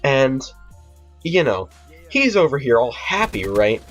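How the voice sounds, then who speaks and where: A man's voice: medium pitch, very animated, takes it slowly. Teenage guy, profane storytime vlogger, rambling with fillers, dull lo-fi audio, faint music behind. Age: teens. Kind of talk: casual storytime vlog.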